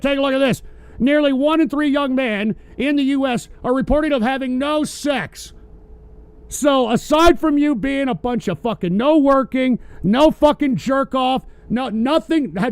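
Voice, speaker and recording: High-voiced man ranting angrily. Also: darkish tone, dry recording. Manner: angry, swearing, sarcastic. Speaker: host of a political call-in show. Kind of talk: profane political rant.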